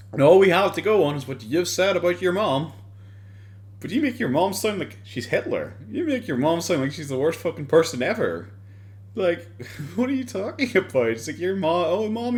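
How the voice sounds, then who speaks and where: A tipsy Irish man with a Dublin lilt rants and rambles, swearing and snorting with laughter as he mocks what he is watching. His voice sits a touch higher than most men's. The talk is loose, slurred-edged commentary. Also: sing-song, moderate pace. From Ireland. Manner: ranting, mocking, swears often, laughs between lines. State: drunk.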